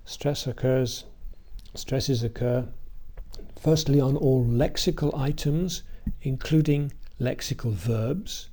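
A man giving a scripted pronunciation lesson, speaking carefully and deliberately with example sentences. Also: medium pitch, warm tone. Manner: slow, careful, deliberate delivery with spoken examples. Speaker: pronunciation teacher. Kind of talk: scripted instructional narration.

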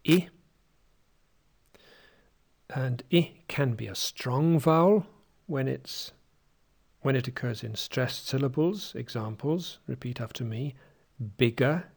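A male pronunciation teacher leads a drill at a very unhurried pace, saying each word by itself for the learner to repeat. His voice sits at a middling pitch, and his delivery is deliberate and careful. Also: gravelly, a little mellow. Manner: slow, deliberate, says each word on its own; takes words again after a slip.

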